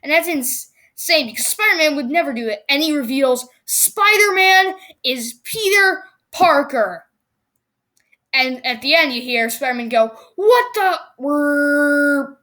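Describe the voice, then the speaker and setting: A woman hosting her own vlog channel, talking excitedly about movie predictions and often stumbling and restarting her sentences. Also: high voice, measured pace. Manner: excitable, rambling with many restarts. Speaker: YouTube channel host.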